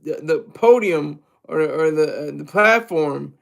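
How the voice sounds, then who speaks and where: Streamer type: man with a high, gravelly voice, crude and mocking, rambling livestream rant. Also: animated, measured pace.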